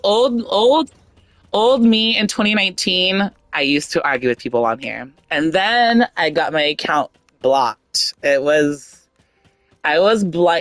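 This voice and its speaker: A woman's voice: low voice, fairly bright tone, dry recording. A woman streamer chatting casually, blunt and outspoken, swearing freely and rambling with lots of fillers. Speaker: gaming streamer.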